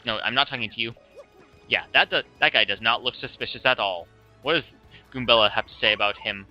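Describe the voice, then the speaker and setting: A man's voice: on the low side, fast. A man casually commentating a game playthrough in a laid-back, rambling, self-deprecating way. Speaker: let's play host. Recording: dull lo-fi with music.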